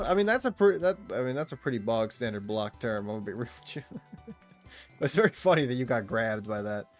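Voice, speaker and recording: Rambling, animated male streamer. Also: medium pitch. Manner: rambling, self-interrupting, laughs often, swears freely. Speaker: live streamer. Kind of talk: casual chat with viewers while gaming.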